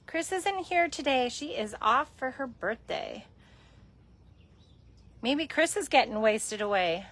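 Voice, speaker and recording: A woman chatting casually on a livestream from a cat shelter room, cooing softly at the cats as she films on her phone. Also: sits high, animated, slow.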